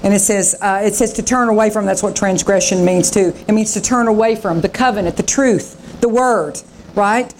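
A woman's voice: medium pitch, moderate pace, a little hiss or hum. A woman pastor preaching a revival sermon, fervent and dramatic, acting out the voices of scripture.

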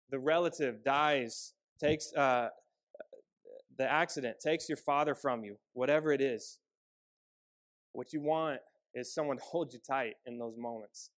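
A man delivers a sermon in an earnest, personal way, speaking with a slightly high voice. He stresses some lines loudly and drops others to a near hush. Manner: earnest, personal storytelling with shifts between loud emphasis and quiet, soft passages. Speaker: pastor.

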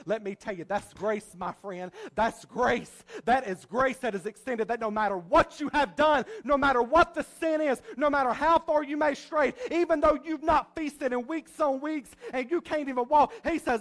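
A male pastor preaching a sermon, swinging between soft, low passages and loud, rising ones. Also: moderate pace, few pauses.

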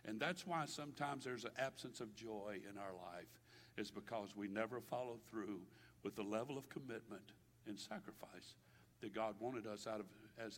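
A male pastor preaching a sermon with passion, his delivery swinging from loud declarations to hushed, quiet stretches. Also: lowish voice, a little hiss or hum. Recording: long hall reverb.

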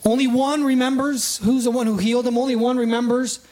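A preacher delivering a relaxed sermon in plain conversational speech. The talk leans on "right?" and "you know", and listeners get pulled up to act out the scene. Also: mid-range voice, a little fast. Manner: casts listeners in live illustrations.

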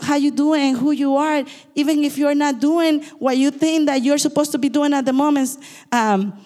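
This is a woman pastor who preaches quickly and emphatically, with a non-native English accent. Her voice sits fairly high, and it carries the long reverb of a church hall. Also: mellow. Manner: fast, emphatic preaching with asides and apologies. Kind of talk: sermon.

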